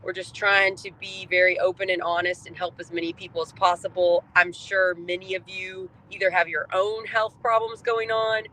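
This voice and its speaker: A woman talking openly and warmly about her life in a candid personal vlog, chatty and heartfelt, with plenty of fillers, recorded inside a car. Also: mid-range voice, little pitch movement, moderate pace, hardly any pauses, poor audio. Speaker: vlogger sharing her health journey.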